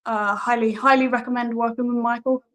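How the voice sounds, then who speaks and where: A wrestler, talking in a casual, hesitant way and often laughing at herself. Her voice sits a little high for a woman. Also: steady tone, fairly quick, a bit bright, low-quality recording. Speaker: guest wrestler. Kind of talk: casual interview answers.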